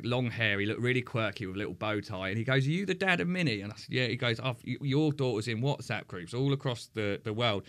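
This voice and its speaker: A man's voice: lowish voice, a bit bright. Frank, sweary man recalling hard times. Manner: frank, sweary, halting with restarts. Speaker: guest. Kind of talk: candid podcast conversation.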